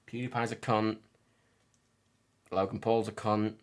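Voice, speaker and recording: A man's voice: medium pitch, normal speed, pauses often. A man chatting casually on a livestream while repairing a controller, joking, swearing and laughing often. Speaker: streamer.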